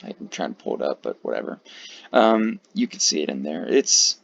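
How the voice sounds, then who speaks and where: Gravelly, tired man rambling casually. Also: fairly low pitch, big pitch swings, measured pace. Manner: rambling, profane, many fillers. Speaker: video creator ranking flags. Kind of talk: casual commentary. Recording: dull lo-fi mic.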